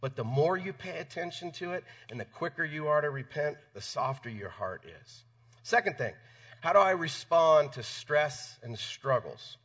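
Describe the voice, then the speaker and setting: A man's voice: on the high side, lively intonation, normal speed, a bit bright, recorded from a distance. A man preaching a sermon in a church, conversational, stumbling over repeated words. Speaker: pastor. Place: church sanctuary.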